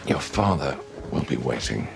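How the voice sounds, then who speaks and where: An actor playing a reclusive older man who secretly broadcasts on the radio, with a gravelly voice, in a drama scene. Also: extremely low pitch, sing-song, moderate pace, heavily acted. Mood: gentle. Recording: drama with music behind.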